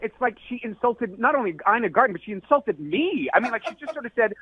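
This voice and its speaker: A man rants indignantly over a tinny, phone-like line. He talks quickly, and his pitch leaps around a lot as he works himself up. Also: big pitch swings, husky, no room sound. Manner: indignant, worked-up ranting. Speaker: caller. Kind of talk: radio prank call.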